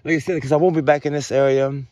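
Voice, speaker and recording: Excited man rambling outdoors in the woods. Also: a little high, fast, no room sound. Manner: excited, rambling, talks to mushrooms playfully. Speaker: vlogger. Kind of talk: casual outdoor vlog narration.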